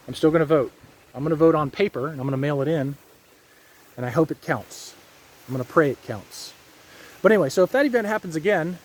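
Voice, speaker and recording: A man's voice: a little high, darkish tone. A man from Ohio talking casually to his viewers in a rambling, folksy monologue with preachy asides. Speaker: vlogger.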